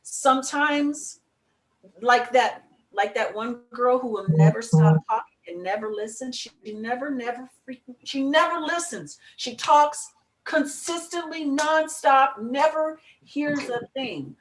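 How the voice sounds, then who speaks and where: Animated woman in an echoey room. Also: high voice, unhurried. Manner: animated, emphatic, spiritual musing. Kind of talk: casual chat.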